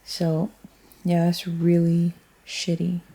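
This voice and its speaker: This tarot reader has a fairly low, mellow voice with a breathy edge, and she speaks slowly in a near monotone. Her casual reading wanders as she thinks out loud, and she's blunt and frank, cursing without hesitation.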